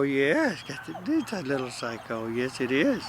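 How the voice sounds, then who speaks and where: A man's voice: medium pitch, wildly swooping pitch, normal speed, few pauses, slight background noise. Man cooing sing-song baby talk to dogs. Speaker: dog owner filming his dogs. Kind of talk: casual talk to pets on camera.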